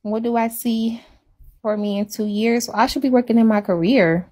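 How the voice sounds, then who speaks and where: A woman's voice: a little high, fairly even intonation, normal speed, a little mellow. Woman rambling in casual livestream talk. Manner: rambling, self-deprecating, repetitive.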